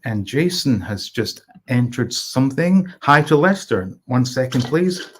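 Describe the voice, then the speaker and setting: A man's voice: medium pitch, very animated, a little slow, a little hiss or hum. A middle-aged man from Scotland hosting a casual live stream, reading viewer comments aloud and greeting chatters by name.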